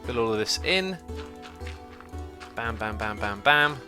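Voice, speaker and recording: A man's voice: on the low side, lively intonation, takes it slowly, bright, forceful tone, soft background music. A man hosting a casual gameplay livestream, chatting away and reading out messages from viewers. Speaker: livestream host.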